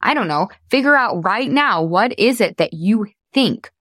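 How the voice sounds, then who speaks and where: A woman's voice: mid-range voice, lively intonation, measured pace, a bit bright, no room sound. A woman hosts a podcast in a casual coaching monologue, candid and chatty, with a mid-range voice. She swears offhandedly and laughs easily. The sound is dry and close, with no room around it. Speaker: podcast host.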